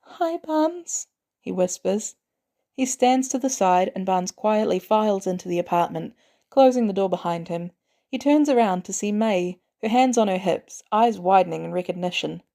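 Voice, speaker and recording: Gravelly-voiced woman reading a story. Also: medium pitch, normal speed, mellow. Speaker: podfic narrator. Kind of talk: fan audiobook reading.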